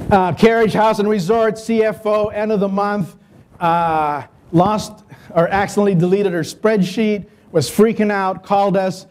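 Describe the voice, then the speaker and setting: A man speaks at a business conference, his voice set slightly high yet warm and mellow. He keeps it conversational and energetic, telling customer stories with asides to the audience. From United States. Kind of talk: business presentation.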